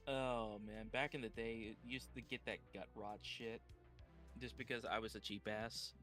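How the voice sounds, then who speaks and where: Bright-voiced man chatting on a reaction stream. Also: fairly low pitch, steady tone, normal speed, soft background music. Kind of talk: casual reaction chat.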